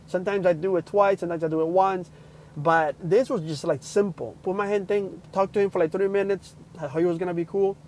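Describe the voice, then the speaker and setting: Excitable young man telling a story. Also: high-pitched, a little fast, slight background noise, rough recording. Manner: excitable, acts out quotes loudly. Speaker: livestream host. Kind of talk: casual storytelling.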